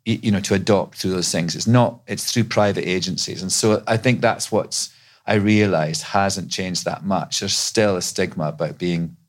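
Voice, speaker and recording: A man's voice: low-pitched, normal speed. A middle-aged man from Scotland, a guest actor telling stories in a chatty, rambling way with many restarts. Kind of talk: casual chat.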